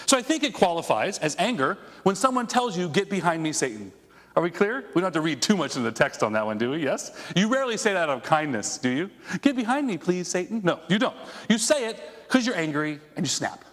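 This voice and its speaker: A man's voice: a little high, big pitch swings, fast talker, hardly any pauses, fairly bright tone, in a large hall. A man preaching a conversational sermon as a pastor, asking his congregation rhetorical questions. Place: church sanctuary.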